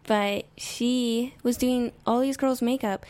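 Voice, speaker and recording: A woman's voice: on the high side, steady tone, slow, a little mellow. A woman from the United States, a podcast guest, telling a rambling story in casual chat with many fillers. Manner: chatty storytelling with frequent fillers and laughs.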